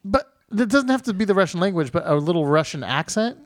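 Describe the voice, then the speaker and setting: A man's voice: sits high, big pitch swings, fast talker, no echo, clean studio sound. A man co-hosting a casual chat, talking enthusiastically and emphatically.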